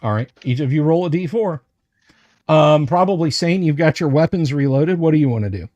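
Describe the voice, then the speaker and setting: A man running a tabletop game livestream as game master, slowly describing what the players find, with lots of hesitant fillers and restarts. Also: fairly high pitch, lively intonation, dark tone, no echo, dull audio. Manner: describes items slowly and carefully.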